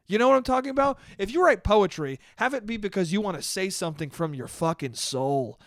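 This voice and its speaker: A man's voice: high-pitched, animated, a little fast, hardly any pauses, no echo, clean studio sound. A young man hosting his own solo podcast, ranting with lots of swearing and mocking quotes. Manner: ranty, profane, mocking put-on poet voices. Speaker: podcast host. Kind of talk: solo comedic rant.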